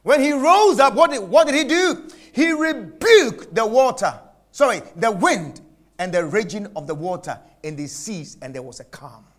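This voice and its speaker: A male preacher giving a sermon, emphatic, repeating phrases and swinging between shouts and hushed lines. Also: high voice, sing-song, normal speed.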